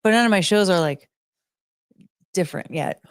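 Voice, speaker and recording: A woman's voice: fairly low pitch, expressive, normal speed, clean tone, dry recording, studio quality. Chatty woman hosting a live stream. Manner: rambling, chatty, greets chat viewers by name. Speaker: livestream host. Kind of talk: casual live-stream chat.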